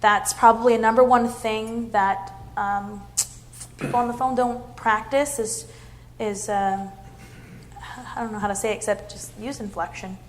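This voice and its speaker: A woman's voice: a little high, steady tone, measured pace, slight background noise. A woman who works as a customer service representative, talking earnestly and upbeat about how she handles calls. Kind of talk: casual interview chat.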